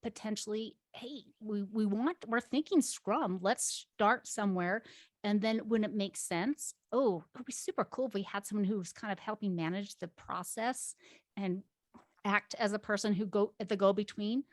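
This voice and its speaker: A woman of medium pitch hosting a casual conversation as an agile coach. She talks in a lively way, full of animated asides and laughs. The sound is dry and close. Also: normal speed, no echo.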